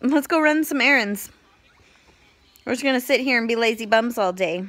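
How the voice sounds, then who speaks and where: Young mom doing baby talk, bouncy lively voice, kinda higher pitch, slow and sing-song. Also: female voice. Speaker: vlogger, mother. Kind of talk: casual family vlog, talking to her toddler.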